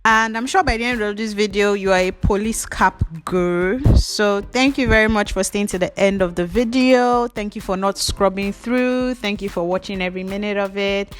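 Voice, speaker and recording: A woman's voice: mid-range voice, normal speed, few pauses, clear, resonant tone, soft background music. A woman hairdresser hosting a hair tutorial, talking casually to camera in a chatty, upbeat way and repeating her thanks and requests to viewers.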